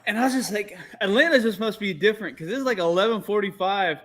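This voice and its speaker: A man co-hosting a casual podcast, excitable and swearing freely. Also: high-pitched, quick pace. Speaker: podcast co-host. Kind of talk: casual banter.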